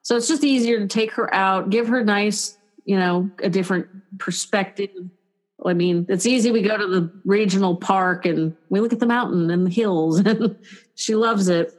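A woman's voice: mid-range voice, moderate pace. Chatty woman with joking complaints. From California. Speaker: guest, caregiver. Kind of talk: casual conversational chat.

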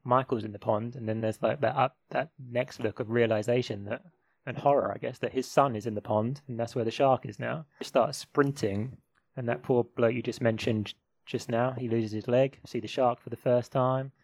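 A man's voice: mid-range voice, fairly even intonation, normal speed, creaky, darkish tone. A man co-hosting a podcast, talking in a laid-back, hesitant way with fillers. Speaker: podcast co-host. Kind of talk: casual film chat.

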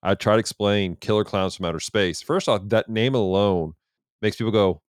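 Low-voiced man telling animated stories. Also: normal speed, smooth, no room sound, studio quality. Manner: animated storyteller, laughs often. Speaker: podcast co-host. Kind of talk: casual chat.

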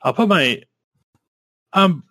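A man's voice: on the high side, animated, takes it slowly, bright, forceful tone, no room sound. A man playing a character in a tabletop game, with dry, joking asides. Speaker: player. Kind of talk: tabletop role-play as a player.

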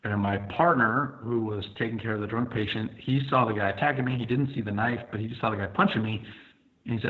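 A man's voice: fairly low pitch, brisk. A firefighter guest telling his story vividly, step by step, with many fillers. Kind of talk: first-person storytelling. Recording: tinny phone-like line.

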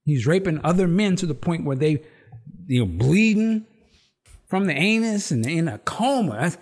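A man's voice: a little high, normal speed. A man hosting a casual chat, recapping a TV episode with slang and swearing, acting out characters' lines. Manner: animated storyteller who acts out the characters' lines in raised voices. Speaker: podcast host.

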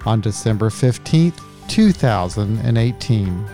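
A man reads a scripted podcast introduction in a measured, announcing way. His tone is warm and mellow. Faint guitar music plays underneath. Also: fairly low pitch, expressive. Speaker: podcast host.

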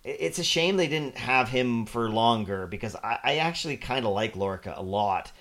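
A man talking casually as a podcast co-host. He is animated and slips into acted-out quotes, with a voice of ordinary, middling pitch. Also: normal speed. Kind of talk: casual chat.

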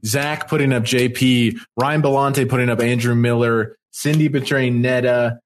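A man co-hosting a podcast in casual chat, animated, with quick opinions and exclamations. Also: medium pitch, a little hiss or hum. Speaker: podcast co-host.

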